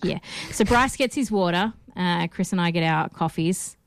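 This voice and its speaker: A woman's voice: fairly low pitch, normal speed, creaky, no echo. Aussie woman rambling on a film podcast, lots of ums, dry close mic. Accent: Australian. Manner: chatty, rambling, many ums and restarts. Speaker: podcast host. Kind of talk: casual film podcast chat.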